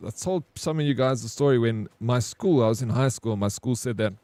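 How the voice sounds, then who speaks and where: A man's voice: mid-range voice, warm tone, no room sound. A man casually telling a story to his stream chat, swearing and calling people bro. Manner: laid-back, swears, says "bro".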